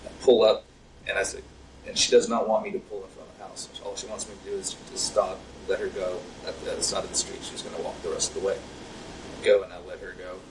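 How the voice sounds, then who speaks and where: Young guy telling his story, low voice, lots of ums, mic a bit far, faint hiss. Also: flat delivery, fast, crowd noise. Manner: hesitant, rambling, many fillers. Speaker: interview subject. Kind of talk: recounting events in an interview. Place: interrogation room. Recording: distant mic, faint noise.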